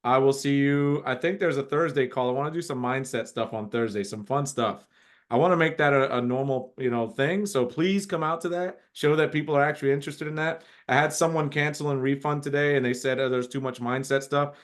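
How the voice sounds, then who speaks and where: A middle-aged man hosting a casual group call, urging people to ask questions. His pitch is average for a man and his talk wanders with restarts and fillers, staying warm and encouraging. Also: steady tone, fairly quick. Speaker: host of a group coaching call.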